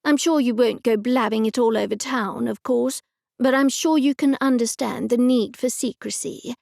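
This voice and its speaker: Woman doing a sweet old witch auntie, patient and a bit dramatic, higher pitched, gravelly edge. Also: moderate pace, a little mellow, dry recording, clean studio sound. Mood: confiding. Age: older. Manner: kindly, patient, theatrical. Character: kindly elderly witch aunt, calm and dramatic. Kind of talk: audiobook character voice.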